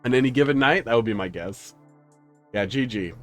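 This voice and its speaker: A man's voice: medium pitch, lively intonation, fairly quick, soft background music. A man streaming live, chatting casually with his viewers and cooing to his pets.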